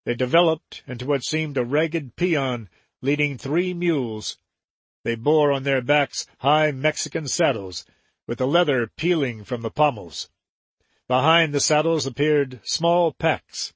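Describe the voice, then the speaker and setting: A man narrating an adventure novel in a measured, steady way. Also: fairly high pitch, no room sound. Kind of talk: audiobook narration.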